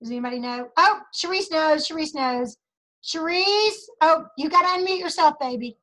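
A woman's voice: very high-pitched, expressive, moderate pace, sharp tone, poor audio. A woman leads a motivational sales meeting over a video call from her home office, enthusiastic and preachy, calling out to her listeners. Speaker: sales team leader.

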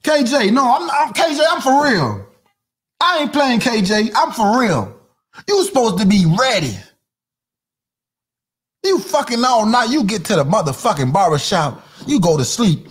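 Animated man ranting on a podcast. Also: extremely high pitch, unhurried, breathy edge. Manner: animated, profane, jumps into mock voices and sing-song. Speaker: podcast host. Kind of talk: comedic commentary rant.

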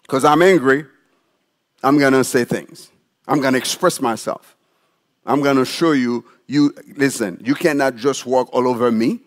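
A man acting out a furious man ranting at his partner in a loud, accusing outburst. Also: high voice, normal speed, voice pushed up. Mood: angry.

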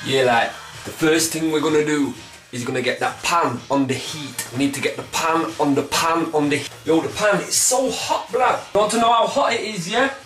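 A man hosting a comic cooking demonstration in swaggering street slang, with a pitch that keeps jumping around. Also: lively intonation, normal speed, fairly bright tone. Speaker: comic cooking show host. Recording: echoey room, mic at a distance, faint music.

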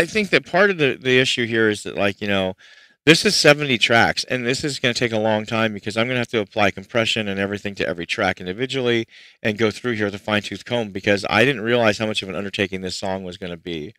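A man's voice: fairly low pitch, quick pace, bright, forceful tone, clean tone, no echo. A man chatting to his livestream audience while mixing music at home, frustrated and rambling as he works through problems. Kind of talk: casual livestream chat. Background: faint music playback.

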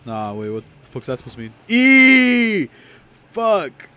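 A man's voice: on the low side, flat delivery, quick pace, a little mellow. A drunk young man streaming a game, cursing and bantering with his friend. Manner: profane, apologetic banter. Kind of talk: casual gaming chat.

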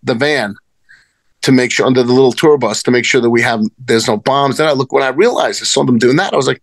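A man's voice: mid-range voice, fast, dry recording. A man telling rambling, profane stories as a wrestling guest in casual conversation. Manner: rambling, profane, many restarts. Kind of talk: casual storytelling.

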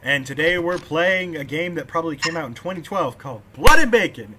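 A young man hosting a gaming video, joking with a friend in loud, profane banter. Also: fairly high pitch, expressive, brisk, a little hiss or hum. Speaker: gaming channel host. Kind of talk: casual gaming chat with a friend.

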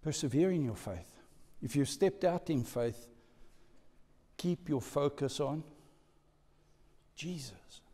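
Animated preacher, reverberant church. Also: male voice, a little high, slow, long pauses, slightly rough. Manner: animated, playful, code-switching. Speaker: pastor. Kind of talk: sermon.

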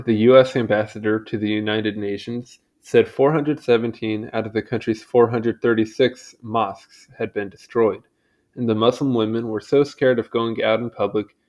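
A man's voice: mid-range voice, darkish tone, highs cut off. A man casually reading a history article aloud, stumbling over names and adding chatty asides. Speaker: channel host reading aloud.

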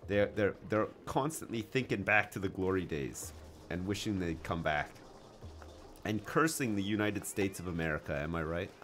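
A man's voice: low-pitched, normal speed, a bit bright, soft background music. A man casually commenting while he plays a game on a live stream, joking and chatting with his viewers. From Canada.

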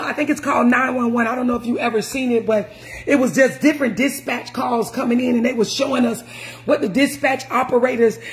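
High-voiced woman preaching emphatically. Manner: emphatic, repetitive, often shouting. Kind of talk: sermon.

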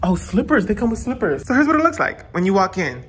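A man's voice: high voice, sing-song, fast, fairly bright tone. A man giving a casual, gushing vlog tour of a hotel room, chatting to viewers and exclaiming over every detail. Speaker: travel vlogger.

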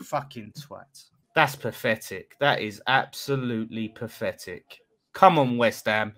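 A man reacting loudly to a football match on a fan watch-along, excitable and swearing. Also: fairly low pitch, a little slow, a little hiss or hum. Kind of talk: live watch-along commentary.

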